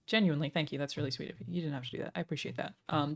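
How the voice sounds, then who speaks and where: A woman's voice: low-pitched, rapid-fire, creaky, few pauses, a bit bright. A woman chatting on a live stream. She gushes thanks at donors, reads articles aloud and swears casually as she goes. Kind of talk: live stream chat and reaction.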